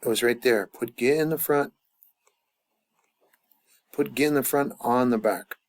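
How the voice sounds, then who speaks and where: A man's voice: mid-range voice, unhurried. A man teaching a grammar lesson at a chart, thinking aloud with many fillers and restarts. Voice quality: gravelly. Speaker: language teacher.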